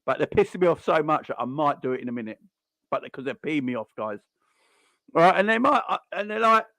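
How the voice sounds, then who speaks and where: A man hosting a football channel rants angrily, swearing and mocking online fans while mimicking them. His voice is on the high side, sharp, with vocal fry and lively intonation, and he talks a little fast. The recording is dry.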